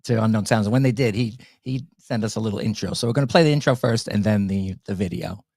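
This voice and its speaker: Brief: husky, gravelly man, low-key co-host chat. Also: quick pace, darkish tone, no room sound, studio quality. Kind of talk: casual chat.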